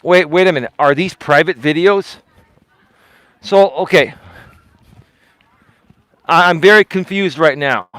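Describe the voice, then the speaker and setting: Man, live-stream host, emphatic, defensive, repeats himself, fairly high voice, dry close sound. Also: a little slow, long pauses, a bit bright, clear, resonant tone, dry recording. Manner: talks straight to chat, asks pointed questions. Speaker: livestream host. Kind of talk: casual live-stream commentary.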